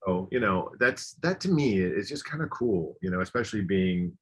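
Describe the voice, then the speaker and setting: A man's voice: sits low, expressive, moderate pace, husky. A man co-hosting a podcast, chatting casually and enthusiastically, rambling with lots of fillers. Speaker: podcast co-host. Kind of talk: casual chat.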